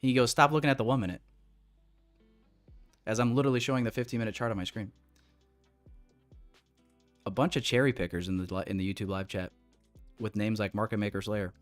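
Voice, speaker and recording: A man's voice: fairly low pitch, fairly even intonation, fast, pauses often, faint music behind. A young man hosting a trading livestream, ranting casually and profanely at his chat with big swings in energy.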